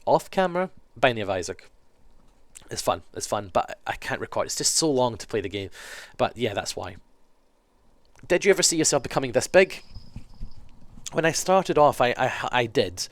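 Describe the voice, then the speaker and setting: A man's voice: mid-range voice, very animated, moderate pace, long pauses, no echo. A young man with a cold, answering fan questions in a rambling, self-correcting chat. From Scotland. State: sick with a cold, sniffly. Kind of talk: casual Q&A monologue.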